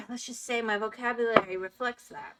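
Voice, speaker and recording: A woman's voice: on the high side, animated, moderate pace, heavy background noise. A woman live-streaming a game, chatting casually with her viewers and laughing often. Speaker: Minecraft streamer. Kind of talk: casual live-stream chat while gaming.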